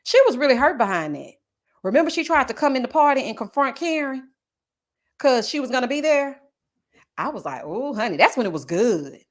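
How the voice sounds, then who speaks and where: A woman's voice: sits high, very animated, brisk. A woman giving casual, sassy reality-TV gossip commentary and reading out viewer comments, calling her audience child and baby.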